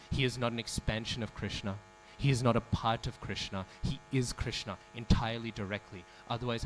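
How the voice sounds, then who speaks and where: In a temple hall, a man with a lowish voice gives a scripture class, telling a devotional story, acting out the quoted speech and putting questions to the audience. The recording is rough, with slight background noise.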